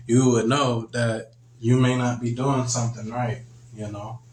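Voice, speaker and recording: Male preacher, medium pitch, relaxed conversational teaching, roomy sound. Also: slight background noise. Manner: acts out quoted voices in a higher pitch, conversational. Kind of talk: casual spoken teaching.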